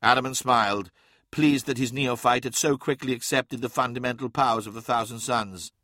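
A man narrating an audiobook in a steady, dramatic storytelling manner. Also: medium pitch, normal speed, no echo, clean studio sound.

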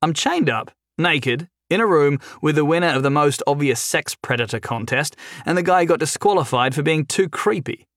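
A man voicing a wisecracking young male captive who talks in a quick, sarcastic, lively way in a storybook reading. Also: a little high, no echo, clean studio sound. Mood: wry. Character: chained young man, wisecracking and nervously flippant.

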